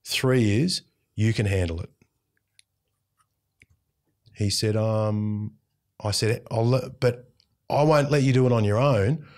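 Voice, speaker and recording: A middle-aged Australian man, a radio host, telling a family story in casual conversation, animated and intense, acting out bits of dialogue. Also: on the low side, slow, pauses often. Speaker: radio host, interview guest.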